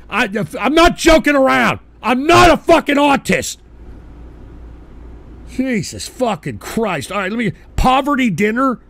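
A man hosting an internet radio show, delivering a profane, combative live rant. He keeps adding insistent tag questions and breaks into sudden shouted outbursts. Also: sits high, gravelly. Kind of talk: live-streamed ranting monologue.

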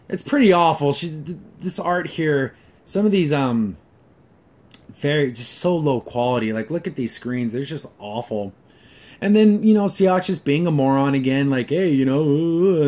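A man's voice: a little high, darkish tone. A man hosting a casual episode review, ranting sarcastically and exasperatedly, full of fillers and restarts. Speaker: show reviewer.

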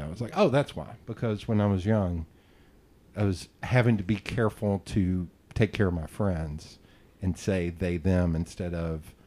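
A male podcast host with a low, warm, mellow voice, talking in a loose and casual way. He rambles through personal stories, curses freely and jokes at his own expense. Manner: rambling, profane, self-deprecating storytelling. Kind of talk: casual interview chat.

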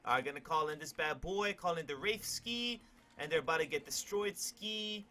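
Young male gaming commentator, high bright voice, loud and boastful. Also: expressive, moderate pace. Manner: hyped, cocky, swears a lot, sudden yells. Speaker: gaming YouTuber. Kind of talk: gameplay commentary.

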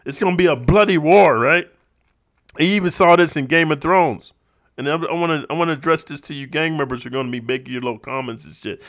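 A man's voice: on the high side, fairly quick, a bit bright. A man talking in a casual vlog monologue, streetwise and preachy, constantly calling the listener bro. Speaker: vlogger.

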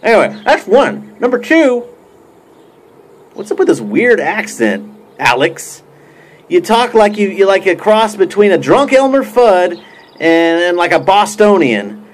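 Rambling, lively man roasting jokingly. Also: sits high, unhurried, slight background noise. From United States. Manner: rambling, many fillers and restarts; joking, mock-indignant. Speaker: YouTube pipe-smoking vlogger. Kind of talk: casual mock roast to camera.

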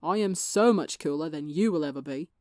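Woman reader voicing a cocky teenage boy, loud and defensive, slightly gravelly tone. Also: fairly low pitch, brisk, dry recording, clean studio sound, lightly acted. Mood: defensive bluster.

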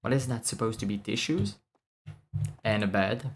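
A man's voice: on the low side, normal speed, a little hiss or hum. A man, casually commentating a game while streaming, blunt, swearing and laughing often. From France. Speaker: VTuber streamer.

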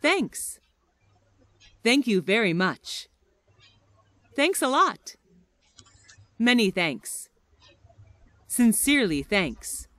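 A woman slowly reading everyday English phrases one at a time for learners, with a deliberate teaching delivery. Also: fairly high pitch, very animated, fairly bright tone.

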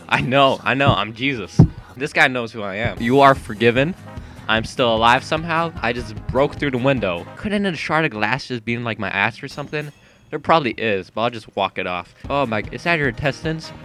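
A young man giving jumpy, profane commentary while playing a horror game, yelping and shouting when startled. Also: mid-range voice. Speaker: gaming YouTuber. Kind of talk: horror let's-play commentary. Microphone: gaming mic with headphones.

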